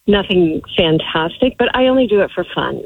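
A woman's voice: on the low side, sing-song, moderate pace, creaky, slightly rough, dry recording. Woman calling in over a tinny phone line. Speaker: caller. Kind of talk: phone call to a radio show.

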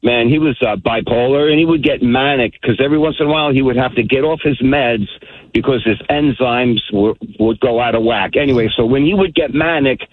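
A man's voice: mid-range voice, brisk, dry recording. A man calling in to a radio show and telling a family story in a casual way over the phone. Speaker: caller. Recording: tinny phone line.

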